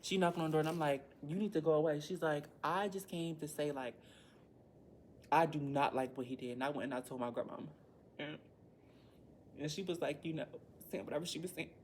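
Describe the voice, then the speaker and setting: A woman's voice: deep voice, brisk, pauses often, darkish tone, a little hiss or hum. Heated woman venting, swearing freely. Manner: heated, blunt, swears a lot. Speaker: teacher. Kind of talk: venting story to the camera.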